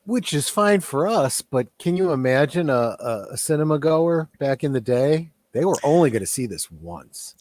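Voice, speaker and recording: A man's voice: a little high, big pitch swings, normal speed, hardly any pauses, darkish tone, no room sound. A man co-hosting a casual movie commentary, thoughtful and trailing off with fillers. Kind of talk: casual film commentary chat.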